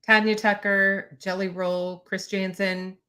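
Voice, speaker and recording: A woman hosting an interview, reacting warmly and asking follow-up questions. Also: mid-range voice, a little slow. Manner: lively, encouraging reactions. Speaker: interview host. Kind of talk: casual interview chat.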